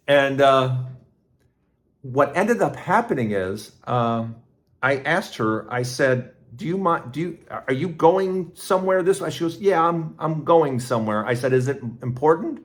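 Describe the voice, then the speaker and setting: A middle-aged man hosting his own podcast, telling a personal story in a rambling, casual way with restarts and lively asides. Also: mid-range voice. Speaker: podcast host.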